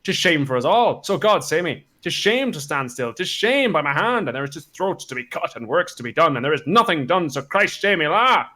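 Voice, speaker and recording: A man's voice: on the high side, big pitch swings, a little fast, hardly any pauses, pushed and bright. A man doing a cursing, hot-tempered captain. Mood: blustering. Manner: blustering, swearing oaths, stumbling through lines. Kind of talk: comic Shakespeare read-through. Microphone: voice call.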